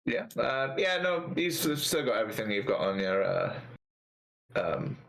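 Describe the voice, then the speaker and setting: A man with a Yorkshire accent running a tabletop game, giving relaxed rulings with fillers. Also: medium pitch, normal speed, vocal fry, poor audio. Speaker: game master.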